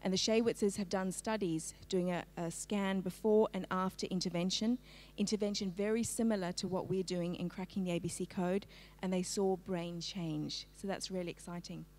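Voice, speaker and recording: A middle-aged woman giving a lively, engaging literacy presentation to parents, asking her audience for a show of hands. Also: mid-range voice. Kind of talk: live-streamed talk to parents.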